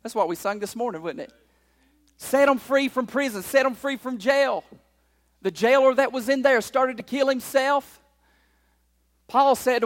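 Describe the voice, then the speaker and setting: A pastor preaching a sermon in a church, drawing call-and-response from the congregation and swinging between loud declarations and quiet asides. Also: male voice, extremely high pitch, measured pace, long pauses, big-room sound. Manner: call-and-response preaching, frequent "right?" and "amen?".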